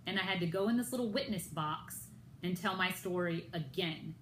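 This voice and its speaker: A woman's voice: fairly low pitch, moderate pace, roomy sound, a little hiss or hum, rough recording. An American woman telling a personal story in a vlog, retelling it with indignation and acting out others' lines in raised voices. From United States. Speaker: vlogger.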